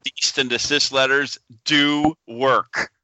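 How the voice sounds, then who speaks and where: Jokey co-host guy, super bright tense voice, dry and close. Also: mid-range voice, slow pace, no room sound. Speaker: podcast co-host. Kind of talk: casual podcast chat.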